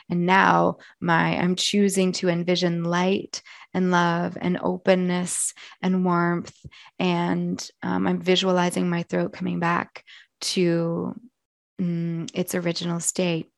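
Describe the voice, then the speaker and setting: A woman speaks in a reflective personal monologue, her voice hoarse and full of fry. She talks slowly, softly and earnestly, the way a coach talks to clients. The sound is dry and close. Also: fairly low pitch, completely flat delivery, no echo. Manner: slow, soft and earnest. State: hoarse from yelling. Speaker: wellness coach.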